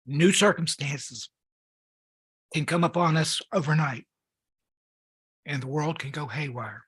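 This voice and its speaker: A man preaching a sermon, reading scripture in an earnest, measured way while losing his voice. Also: fairly high pitch, fairly bright tone, husky.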